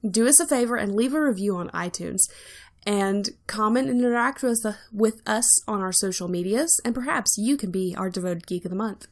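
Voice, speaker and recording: A woman co-hosting a podcast, cheerful and welcoming, speaking in casual, excitable chat. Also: mid-range voice, a little fast. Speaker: podcast co-host.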